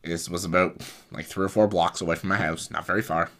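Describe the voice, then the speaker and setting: Young man, low-pitched, bright voice, rambling casual storytelling. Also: fairly even intonation, a little fast. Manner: rambling, with fillers and self-corrections. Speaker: vlogger.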